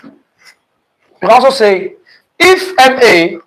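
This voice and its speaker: A man's voice: high-pitched, big pitch swings, fairly bright tone, rough recording. A man teaching an online exam-prep physics lesson, repeating terms and quizzing students with "what?" questions. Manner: speeds up and slows down, stressing terms.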